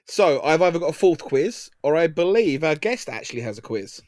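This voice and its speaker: A male podcast co-host who drops short, dry jokes into the casual chat. His voice sits a little high, and his delivery is flat. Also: brisk. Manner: dry joking asides.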